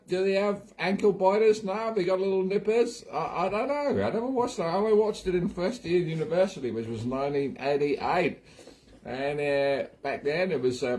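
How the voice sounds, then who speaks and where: A man's voice: fairly high pitch, a little mellow, natural voice. A man putting on a hammy Australian accent, playing a brash, jokey male soap actor who rambles in slang. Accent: put-on Australian. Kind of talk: comic impression on a live stream.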